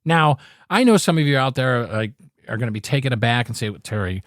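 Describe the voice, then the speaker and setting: A man's voice: mid-range voice, expressive, fairly quick, fairly bright tone, no echo, clean studio sound. Blunt, profane man in his fifties. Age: 50s. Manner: candid, profane, emphatic, with frequent restarts. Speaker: podcast host. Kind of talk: blunt opinion monologue.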